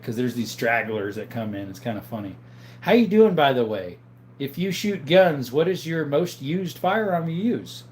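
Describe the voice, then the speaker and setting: A man's voice: medium pitch, a little mellow, slight background noise. A middle-aged man hosting a casual livestream on his phone. He chats, laughs often and reads viewer comments aloud. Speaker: livestream host.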